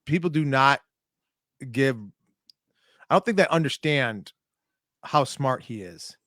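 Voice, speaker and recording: A man's voice: mid-range voice, slow pace, no echo, clean studio sound. A young man from Minnesota, a point fighter guest on a podcast, telling a story in casual chat and acting out the quotes. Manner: animated storyteller, acts out quotes.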